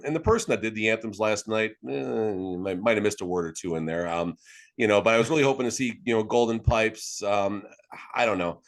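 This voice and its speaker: A man co-hosting a sports podcast, talking in a rambling, joking, conversational way. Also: on the low side. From Las Vegas. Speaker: podcast co-host. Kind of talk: casual sports podcast chat.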